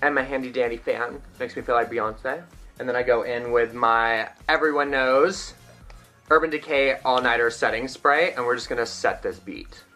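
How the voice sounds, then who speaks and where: A young man talks through his makeup routine in a casual, self-mocking way. His voice sounds bright and forward. Soft music plays quietly behind him. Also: mid-range voice, moderate pace. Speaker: vlogger. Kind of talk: makeup tutorial chat.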